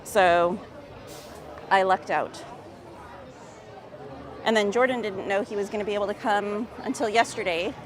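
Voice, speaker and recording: A woman's voice: mid-range voice, a little slow, long pauses. A woman live-streaming from a theme park, chatting casually and reading viewer comments aloud. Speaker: livestream vlogger. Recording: busy crowd noise outdoors. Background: park crowd noise.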